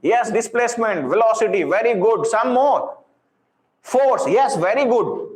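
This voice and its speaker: High, animated Indian teacher. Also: male voice, a little slow. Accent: Indian English. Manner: encouraging, repeats praise, mixes Hindi. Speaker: physics teacher. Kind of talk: live online lecture. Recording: roomy echo.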